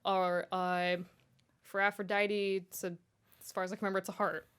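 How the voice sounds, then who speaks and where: A woman's voice: medium pitch, level tone, normal speed, a bit bright, smooth. Chatty young woman with many fillers. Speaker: podcast co-host. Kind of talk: casual chat retelling a book.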